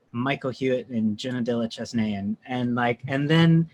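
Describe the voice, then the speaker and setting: Male podcast guest, meditation teacher, chatty anecdote, animated asides, mid-range voice. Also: mid-range voice, moderate pace, few pauses. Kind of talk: casual storytelling.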